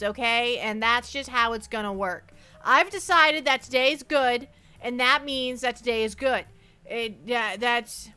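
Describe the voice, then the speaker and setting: A woman's voice: a little high, unhurried, bright, forceful tone, smooth. A young adult woman streaming as a VTuber, chatting casually and playfully with her viewers and often repeating herself. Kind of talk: casual livestream chat.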